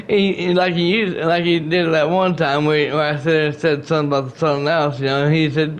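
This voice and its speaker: A man's voice: a little high, steady tone, measured pace. A man hosting his gaming channel, rambling through a casual update to his viewers, restarting and repeating himself often. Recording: dull lo-fi home recording with faint noise.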